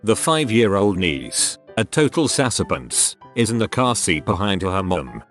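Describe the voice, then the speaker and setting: A man's voice: fairly low pitch, big pitch swings, measured pace, a bit bright, soft background music. A man reading online stories aloud as scripted narration, slipping on words now and then.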